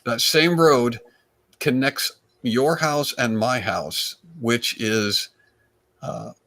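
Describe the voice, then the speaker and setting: A man, a comedian guest, telling stories in a rambling, animated way with frequent restarts. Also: mid-range voice, drawn-out words. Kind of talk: casual storytelling chat.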